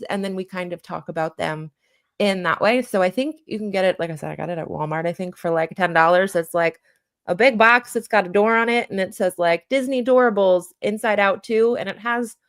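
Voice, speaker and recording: A woman's voice: mid-range voice, a little fast. A woman talking as a guest about working with children and parents, casual and chatty, full of "like" and restarts, sometimes acting out quoted lines. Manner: chatty, heavy use of "like" and self-corrections; plays out little dialogue bits in a raised voice. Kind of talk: casual conversational interview.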